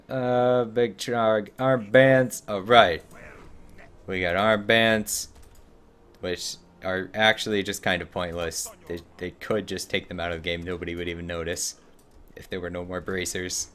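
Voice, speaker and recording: A man's voice: deep voice, a little slow. A man casually commenting while playing a game on a live stream, chatting with viewers between actions. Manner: relaxed, chatty, answers viewer chat between gameplay.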